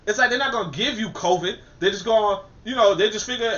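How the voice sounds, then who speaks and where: A man giving a casual spoken commentary in an animated way, restarting phrases and saying "you know" often. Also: sits high, fast, hardly any pauses, dull audio.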